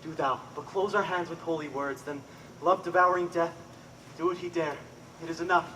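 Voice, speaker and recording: A man's voice: fairly high pitch, fairly even intonation, a little fast, bright, forceful tone, distant mic, slight background noise, low-quality recording. A man acting the part of an earnest young man in love in a live Shakespeare performance. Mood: ardent. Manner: earnest, declamatory. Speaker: stage actor.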